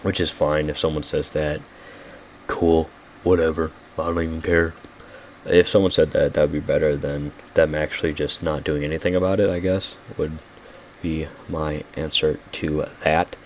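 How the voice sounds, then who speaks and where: Very deep-voiced young man rambling. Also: level tone, normal speed, a little hiss or hum. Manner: rambling, loses track, frequent "like" fillers; self-mocking humor. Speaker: podcast host. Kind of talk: casual rambling solo podcast.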